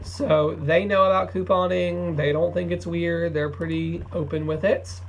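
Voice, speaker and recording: A late-teen guy from Ohio chats casually on his couponing vlog in a fairly high, creaky voice with flat delivery and a moderate pace. He sounds sleepy and yawns, rambling with plenty of fillers and restarts, over slight background noise.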